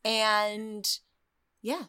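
A woman co-hosting a podcast, telling a story in an animated, joking way. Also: mid-range voice, extremely slow, smooth. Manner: animated storyteller, jokey, swears. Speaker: podcast co-host. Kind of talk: casual chat.

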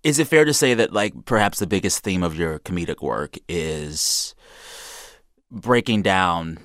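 Male podcast host, lowish voice, dry studio sound, short listening noises. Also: lively intonation, unhurried, dry recording. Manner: warm listener with short backchannels. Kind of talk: interview questions.

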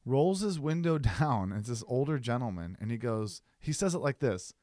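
An animated man co-hosting a podcast, his voice swinging up and down as he tells a story. He puts on quick voices for the people in it. The sound is dry and close. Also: mid-range voice, dry recording. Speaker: podcast co-host. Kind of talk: casual chat, storytelling.

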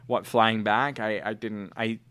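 A man's voice: fairly low pitch, steady tone, measured pace, fairly bright tone, no room sound. A man playing a flustered stay-at-home father of six who stammers and keeps shushing the kids, in an improvised comedy sketch. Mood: frazzled. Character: frazzled stay-at-home dad of six, harried.

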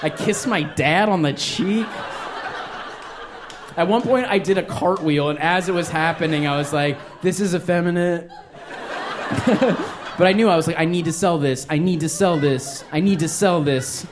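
A young man on stage in stand-up mode, his voice sitting a little high for a man. He tells his story in an animated, self-mocking way, playing out scenes from his youth. A faint hum of ambient noise runs under the recording. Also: normal speed. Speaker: stand-up comedian.

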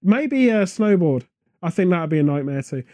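A man rambles from one absurd idea to the next in a deadpan comic chat. His voice is mellow and a touch high for a man. It is recorded close and dry, with no room sound. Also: normal speed, dry recording. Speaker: podcast co-host.

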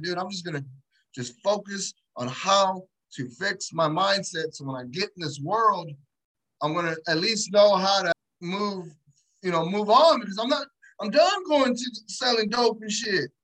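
A man in an interview, telling stories in animated, slangy, profane street talk. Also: high-pitched, low-quality recording. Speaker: guest, entrepreneur. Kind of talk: casual interview storytelling.

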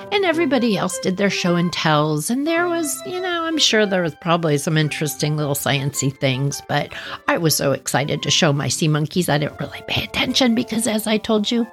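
Chatty woman telling a story. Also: on the low side. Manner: animated, chatty, addresses listeners directly. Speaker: podcast host and storyteller. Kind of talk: casual storytelling.

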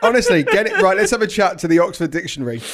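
A man's voice: high voice, rapid-fire. Stammering man on a podcast. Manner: stammering, restarts sentences, animated. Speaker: podcast co-host. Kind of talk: casual chat.

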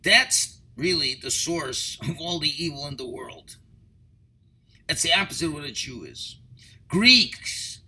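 Guy giving a torah lesson, really bright sharp tone, kinda husky, tells stories and asks questions. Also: fairly high pitch, big pitch swings, a little slow, rough recording. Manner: earnest, explanatory storytelling with rhetorical questions. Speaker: rabbi teaching a class. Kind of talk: Torah lecture.

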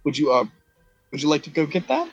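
A man's voice: on the high side, very animated, husky, highs cut off, soft background music, exaggerated voice. A man voicing a proud, doting middle-aged mother who gushes and halts with many fillers. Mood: proud, happy. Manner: gushing, halting with many fillers.

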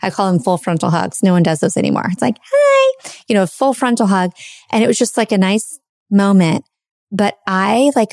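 A woman's voice: medium pitch, mellow, dry recording, clean studio sound. A woman podcast host in casual conversation, telling a heartfelt personal story in a chatty way, full of fillers.

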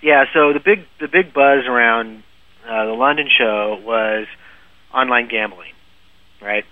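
A man's voice: mid-range voice, measured pace, no echo. A man telling a long funny story in casual podcast chat, laughing often and restarting his sentences. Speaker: guest storyteller. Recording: phone-like lo-fi, dry.

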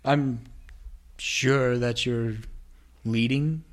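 A man voicing a haughty middle-aged male council member, who speaks slowly and condescendingly. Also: mid-range voice, steady tone. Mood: disdainful. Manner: slow, condescending.

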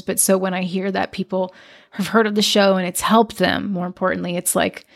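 A woman's voice: mid-range voice, steady tone, moderate pace. A woman hosting her podcast, talking in a chatty, effusive way with lots of filler words. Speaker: podcast host. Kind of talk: casual podcast chat.

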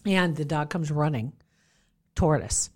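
A woman in casual chat, telling a story in an animated way and laughing often. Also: sits low, unhurried.

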